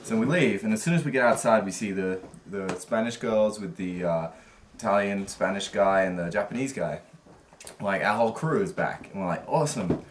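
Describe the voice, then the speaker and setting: Speaking at a normal speed in a fairly low voice, this travel vlogger casually relates a travel mishap. He performs the quotes with animation, and the audio carries echo and a bit of noise.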